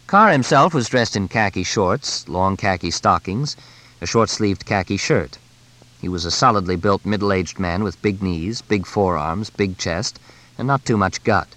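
A man narrating a novel as an audiobook, in a measured, descriptive storytelling manner. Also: low voice, fairly bright tone, poor audio. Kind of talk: scripted narration.

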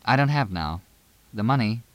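A man's voice: on the low side, expressive, normal speed, fairly bright tone, no echo. Male reader voicing a composed tired woman, lifted delivery, dry audiobook read. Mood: subdued. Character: weary middle-aged woman, composed and guarded.

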